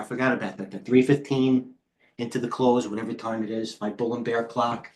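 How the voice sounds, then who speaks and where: A man's voice: mid-range voice, level tone, fairly quick. A man, hosting a live trading stream in brash, rambling commentary that reads out chat and lets slip swear words. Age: 50s. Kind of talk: casual live market commentary.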